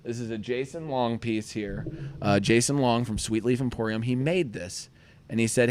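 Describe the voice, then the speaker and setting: A man co-hosting a casual livestream, excitable and laughing, jumping between loud outbursts and mumbled asides. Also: mid-range voice, moderate pace. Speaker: livestream co-host. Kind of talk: rowdy casual livestream chat.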